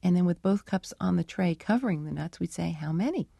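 A middle-aged woman researcher answering interview questions and telling her work stories with lively, acted-out dialogue. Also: on the low side, brisk, creaky, no echo. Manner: animated storytelling, acts out dialogue. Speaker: animal cognition researcher.

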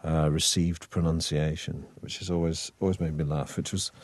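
A middle-aged Manchester man appears as an actor guest in a relaxed interview, chatting wryly with many fillers and restarts. His northern English accent is softened toward received pronunciation, his pitch is extremely low with fairly even intonation, and he keeps a moderate pace. There's no room sound.

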